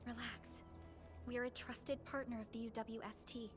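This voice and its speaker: In a game scene, a woman plays a calm, reassuring companion with a measured, steady delivery. Her voice sits a little high, and clear game music plays behind her. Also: natural voice.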